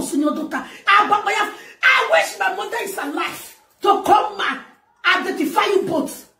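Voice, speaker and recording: A woman with a Nigerian accent delivering a loud, laughing, shouting rant as a talk show host. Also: very high voice. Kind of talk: ranting monologue. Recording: echoey, far from the mic.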